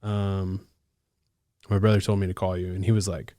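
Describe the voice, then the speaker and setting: Male guest from Alaska, case manager, low register, slangy casual storyteller, dry close mic. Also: level tone, mellow, dry recording. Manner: loose, slangy talk full of "like" and "bro", quick to laugh.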